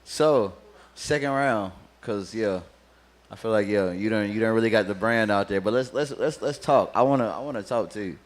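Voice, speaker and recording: A man's voice: fairly low pitch, normal speed. A laid-back, joking man, hosting a casual drinking talk show. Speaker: host. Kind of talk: casual chat.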